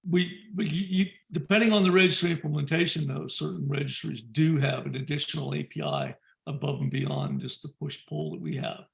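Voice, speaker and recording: A man talking casually in a technical meeting over a video call, halting and often restarting his sentences. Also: on the high side, expressive, vocal fry. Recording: roomy echoing call audio.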